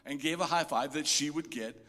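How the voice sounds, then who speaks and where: A male pastor delivering a sermon, telling funny stories with lively asides. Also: a little high, fairly quick. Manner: animated storyteller, jokey asides. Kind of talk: sermon with humorous storytelling. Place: church hall. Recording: echoey hall.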